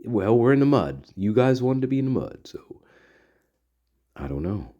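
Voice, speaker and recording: A man's voice: mid-range voice, sing-song, moderate pace, dark tone, lo-fi sound. A man hosting a casual monologue, rambling and repeating himself as he thinks aloud and talks straight to his listeners. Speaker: podcast host.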